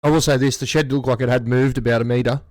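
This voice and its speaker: A man's voice: mid-range voice, fairly even intonation, fast, darkish tone, dry recording, clean studio sound. A man co-hosting a casual sports podcast, telling stories with lots of swearing and laughter. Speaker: podcast co-host, amateur footballer. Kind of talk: casual banter.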